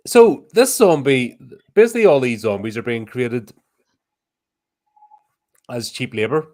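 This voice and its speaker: A man's voice: medium pitch, sing-song, measured pace, a little mellow. A man co-hosting a podcast, giving dry, wry comments in a casual film chat. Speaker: podcast co-host.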